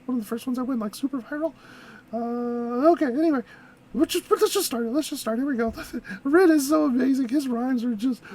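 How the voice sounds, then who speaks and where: A woman's voice: high voice, dark tone. A woman hosting a reaction video, chatting casually in a rambling, giggly way with lots of fillers. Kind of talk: casual chat.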